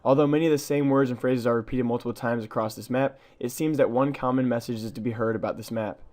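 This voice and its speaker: A man narrates a video game walkthrough at a quick clip, with a voice of ordinary pitch for a man. He reads from a script in a brisk, matter-of-fact way and muses over the odd details he has found. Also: fairly even intonation, darkish tone. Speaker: gaming channel host.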